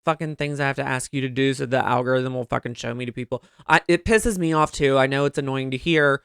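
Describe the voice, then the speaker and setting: A man's voice: medium pitch, steady tone, fast talker, fairly bright tone, smooth, no echo, clean studio sound. A man hosting a casual chat podcast, campy and profane, often slipping into sung and mimicked voices. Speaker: podcast host. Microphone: studio mic.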